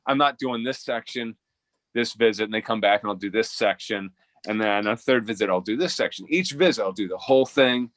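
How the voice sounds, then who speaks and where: A man's voice: fairly low pitch, brisk, fairly bright tone, no echo. Man explaining, dry close sound. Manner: explaining step by step. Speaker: tattoo artist. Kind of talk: casual chat.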